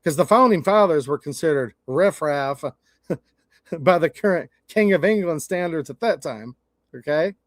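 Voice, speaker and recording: A man's voice: on the high side, expressive, measured pace, no room sound, clean studio sound. A man hosting his own channel, talking bluntly and casually in a folksy way as he gives his opinions to camera. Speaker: channel host.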